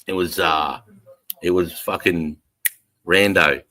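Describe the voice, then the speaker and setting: A man's voice: low-pitched, steady tone, slow pace, pushed and bright, low-quality recording. An Australian man in his forties hosting a casual livestream, blunt and sweary as he reads the chat and greets viewers as brothers. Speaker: livestream host reading chat.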